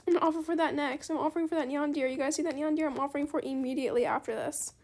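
A woman hosting her gaming channel, chatting casually through gameplay commentary and bursting into excited squeals. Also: high-pitched, rapid-fire.

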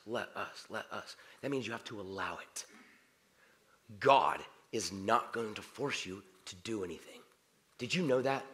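A middle-aged man preaching a sermon in a church. His talk is conversational, and he swings between quiet prayer and animated outbursts. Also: mid-range voice. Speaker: pastor. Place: church sanctuary.

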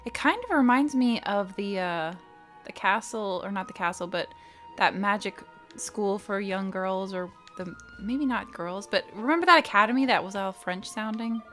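A woman giving chatty, excitable commentary while playing a video game. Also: medium pitch, moderate pace, faint music behind. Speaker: let's play gamer. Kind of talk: casual gameplay commentary.

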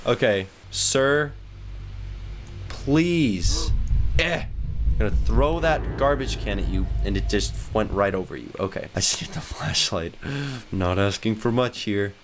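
A young man giving excitable let's-play commentary, jumping into high squeals when startled or thrilled. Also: measured pace, soft background music. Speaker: gaming YouTuber.

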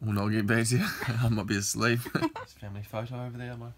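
A man's voice: medium pitch, fast talker, crowd noise. A young man, chatting and joking casually while vlogging a trip with a friend. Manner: joking, swearing, lively banter. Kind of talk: casual vlog chat. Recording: loud background noise on a phone.

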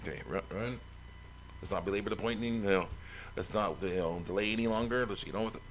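A man's voice: fairly low pitch, a little fast, a little hiss or hum. A man giving chatty, rambling commentary while playing a video game, laughing often. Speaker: let's play host.

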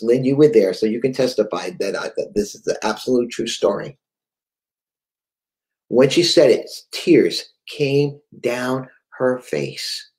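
A man preaching a sermon, telling a story with fervor, dropping to a hush and then rising again. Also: mid-range voice. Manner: impassioned storytelling, swings between hushed and raised; reads viewer comments aloud live.

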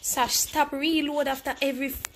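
A woman with a Jamaican accent commenting live on her game, excitable and teasing her opponent. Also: high-pitched, brisk, a little hiss or hum. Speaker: game streamer.

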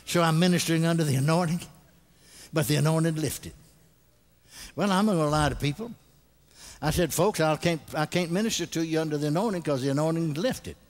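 An older preacher, his voice sitting high for a man. He tells his stories with animated energy and breaks into loud, put-on bursts of laughter. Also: brisk, pauses often. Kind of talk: sermon.

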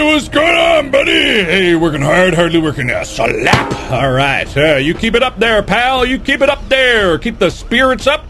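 A young man doing jokey let's-play commentary, excitable and often shouting at the game. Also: medium pitch. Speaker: gaming video host. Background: game music.

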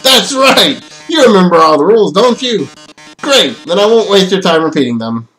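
A flamboyant robot showman, as a man puts him on with a raised, bright voice, swooning and taunting in over-the-top melodrama. He plays a game-show villain with relish, loud and theatrical, and his lines are drawn out for effect. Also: high voice, big pitch swings, normal speed, faint music behind, voice pushed up, low-quality recording. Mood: gleeful taunting. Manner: hammy, melodramatic, mock-villainous.

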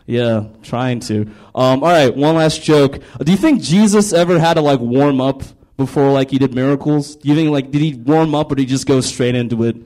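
A man's voice: mid-range voice, normal speed, hardly any pauses, dark tone, low-quality recording. Rambling young male stand-up comic. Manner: rambling, filler-heavy delivery with mock-voiced quotes. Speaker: stand-up comedian. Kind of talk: stand-up comedy set. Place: small comedy club.

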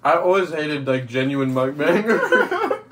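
Young man, ordinary mid pitch, easygoing filler-heavy banter over food. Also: moderate pace, background noise. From Toronto, Canada. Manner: laid-back, joking, rambling with many fillers. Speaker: co-host. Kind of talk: casual mukbang chat. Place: indoors, sitting on the floor.

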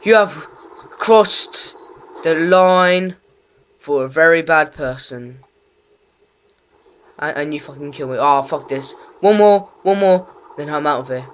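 A man commentating his own gameplay, raging, swearing and yelling at opponents. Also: on the high side, slight background noise. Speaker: gaming channel host.

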